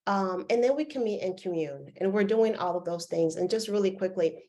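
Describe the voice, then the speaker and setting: Female coach, mid-pitch, storytelling workshop talk over a video call, acts out quotes. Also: expressive, normal speed, dark tone. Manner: storytelling, acting out quoted dialogue.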